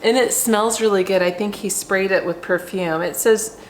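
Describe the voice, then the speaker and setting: A woman's voice: mid-range voice, steady tone, moderate pace, a little hiss or hum. A woman handbag vlogger doing an unboxing vlog, gushing and effusive, with lots of ums. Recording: roomy echo.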